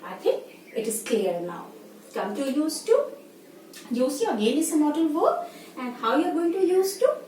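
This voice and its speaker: In an echoey room, picked up from some distance with faint hiss, a woman teacher with an Indian English accent explains grammar. Her voice is a little high and darkish, and she often checks in with "fine?"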